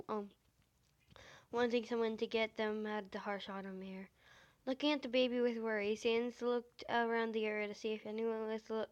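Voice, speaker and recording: A woman with a high, squeaky voice reading a fan-fiction story aloud, halting and stumbling with many fillers and restarts. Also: smooth, muffled recording.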